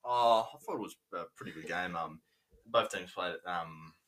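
Deep-voiced laid-back Australian man. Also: fairly bright tone, distant mic. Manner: laid-back, crude, halting with many ums. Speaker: podcast co-host. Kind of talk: casual banter.

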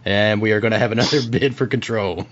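A man's voice: on the low side, fast talker, breathy edge. A young man narrating a tabletop role-play game as game master, often stammering and laughing. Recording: dull lo-fi recording.

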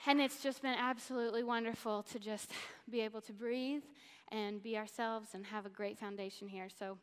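A woman from Missouri teaches a church congregation with warm enthusiasm and earnest conviction. Her voice sits a little high. A long reverb from the large auditorium trails each phrase through the stage microphone. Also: fairly even intonation, moderate pace, smooth. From Missouri, USA. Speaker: church speaker. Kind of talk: sermon-style Bible teaching.

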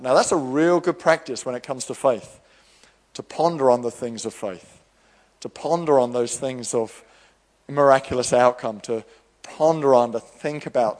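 A man preaching a sermon, animated, acting out the voices of the people he quotes. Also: mid-range voice, long reverb tail. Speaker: pastor.

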